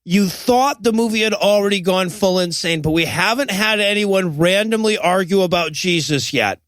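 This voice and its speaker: A man co-hosting a comedic movie review podcast, animated and mocking the film's lines. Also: sits high, moderate pace, no room sound. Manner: animated, mocks film lines with shouted quotes. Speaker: podcast co-host.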